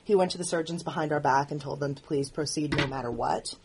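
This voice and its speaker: Against a noisy background, a low-voiced woman who writes and produces the show offers candid audio commentary. Her speech is earnest and halting, with many restarts.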